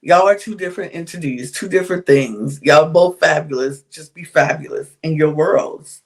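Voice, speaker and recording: A woman's voice: deep voice, normal speed. A woman hosting a podcast, giving a candid, chatty recap of a reality show, with frequent sighs and laughs. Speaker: podcast host.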